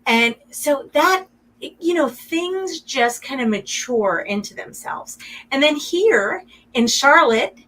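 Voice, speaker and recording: A woman's voice: high voice, expressive, slow pace, a bit bright, rough recording. Woman, middle-aged, guest artist, radio interview, chatty, effusive, emotional.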